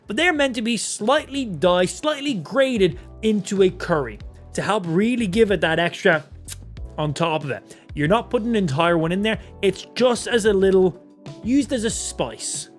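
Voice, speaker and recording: Young irish guy live streaming, chatty and sweary, quiet music behind. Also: sits high. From Ireland. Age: 20s. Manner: chatty, swearing, reacting to chat. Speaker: gaming streamer. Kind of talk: casual live-stream chat.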